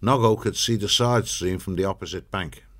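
Guy reading a storybook aloud, lowish voice, steady and measured. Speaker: narrator. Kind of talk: storybook narration.

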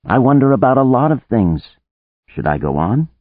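A man reading an audiobook, voicing a calm, relaxed older woman with a light Russian accent and a low, quiet voice. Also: moderate pace, no room sound. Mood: calm musing. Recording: narrow phone-like band, dry.

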